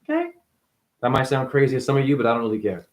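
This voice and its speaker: A man's voice: medium pitch, wildly swooping pitch, fast talker. Man ranting, profane and preachy. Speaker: livestream host. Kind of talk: rambling spiritual livestream monologue.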